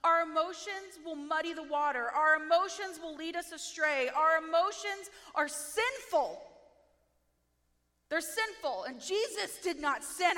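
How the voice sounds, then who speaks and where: A woman giving a heartfelt, emotional testimony in a sermon, talking slowly and sometimes near tears. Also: very high voice, animated, sharp tone. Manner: tearful, heartfelt, slow storytelling. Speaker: speaker sharing testimony. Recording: echoey hall with long reverb.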